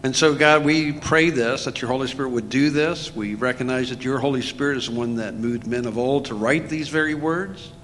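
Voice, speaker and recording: A man, the pastor, announcing an offering and leading an earnest prayer with pauses and fillers. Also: a bit bright. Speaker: pastor introducing the speaker. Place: church. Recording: long hall reverb with faint rumble.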